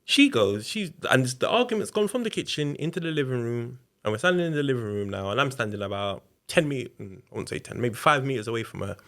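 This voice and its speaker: A man's voice: medium pitch, lively intonation, fast, few pauses, a bit bright. A man, telling a personal story in a candid, conversational way as a podcast guest. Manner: candid, conversational, re-enacts quotes. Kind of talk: casual storytelling interview.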